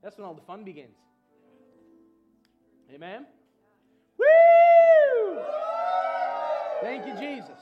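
A male pastor preaching an energetic sermon in a church, calling out to the congregation and breaking into loud whoops. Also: high-pitched, normal speed, long pauses, phone-quality sound, soft background music, a faint crowd. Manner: shouts of woo, call and response.

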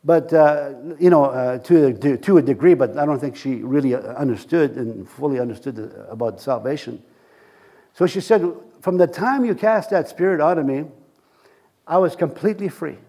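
A male pastor telling a story in a sermon, lively and anecdotal, chuckling at his own jokes. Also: on the high side, normal speed.

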